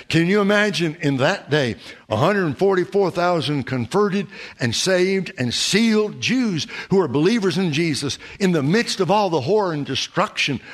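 A male preacher delivering a sermon with slides, speaking with passion and building into long, rapid lists. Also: on the high side.

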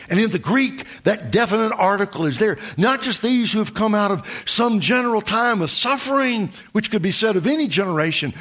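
A male preacher delivering a sermon with slides, speaking with passion and building into long, rapid lists. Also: sits high, animated, a bit bright.

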